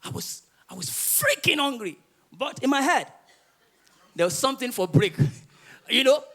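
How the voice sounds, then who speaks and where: High-voiced, laughing Nigerian comedian. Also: male voice, moderate pace. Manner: animated storytelling, often laughing through his lines. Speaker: stand-up comedian. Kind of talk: live stand-up comedy.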